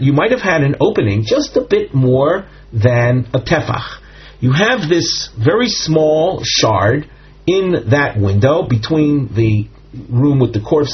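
Husky man teaching a Talmud class. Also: mid-range voice. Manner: explains step by step, repeats terms, many fillers. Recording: muffled lo-fi recording.

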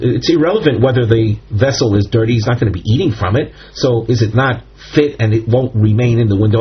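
Husky man teaching a Talmud class. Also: medium pitch. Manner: explains step by step, repeats terms, many fillers. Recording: muffled lo-fi recording.

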